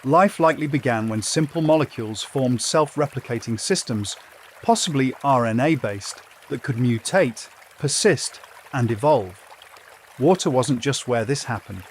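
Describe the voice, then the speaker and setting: A man narrating a scripted sleep story about science in a calm, soothing, unhurried way. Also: mid-range voice, a little hiss or hum.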